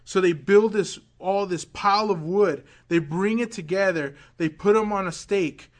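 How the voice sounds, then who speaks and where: Guy preaching, kinda high voice, goes quiet then builds up loud, dramatic storytelling. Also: a little slow. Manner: dramatic, swings from hushed quotes to loud build-ups. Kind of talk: sermon storytelling.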